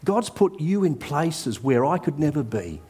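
A man's voice: on the high side, sing-song, unhurried, dark tone, husky. A middle-aged man, preaching a sermon in a conversational, earnest way and telling a personal story.

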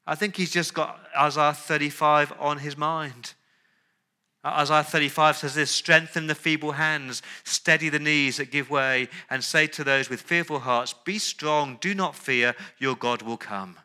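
A male pastor preaching an earnest sermon, dropping into soft, pleading tones when he voices prayers. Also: fairly high pitch, moderate pace.

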